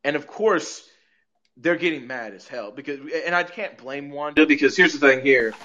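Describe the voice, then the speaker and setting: Brief: male podcast host, high voice, rambling casual recap, laughs a lot, dull lo-fi sound. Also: moderate pace, bright, forceful tone. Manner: rambling, full of "like" and restarts, laughing often. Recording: dull lo-fi recording with faint noise.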